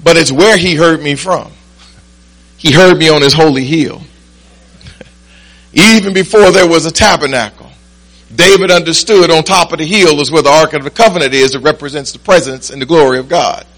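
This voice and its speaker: A preacher man with a high, bright, ringing voice. He works the congregation with call-and-response, sometimes low and close, often building into shouted lines. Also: moderate pace, poor audio. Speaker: pastor. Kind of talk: sermon.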